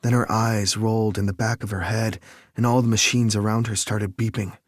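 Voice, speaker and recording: Man, audiobook narrator, lowish voice, measured, dry close recording. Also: level tone, no room sound. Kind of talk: first-person scripted narration.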